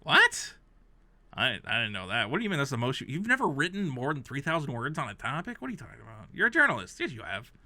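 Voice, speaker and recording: Sarcastic man ranting in a bright voice. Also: mid-range voice, sing-song, very fast, few pauses, no echo. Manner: exasperated, sarcastic, swings between loud outbursts and mutters. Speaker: host reacting to a game console review. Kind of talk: comedic rant reaction commentary.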